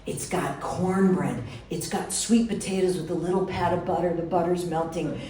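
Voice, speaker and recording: Woman doing a live storytelling set, chatty and lively, kinda far off in a roomy hall with faint noise. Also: on the low side, normal speed. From Wisconsin. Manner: lively, chatty, talks to the audience. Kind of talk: live personal storytelling on stage. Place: venue with a live audience.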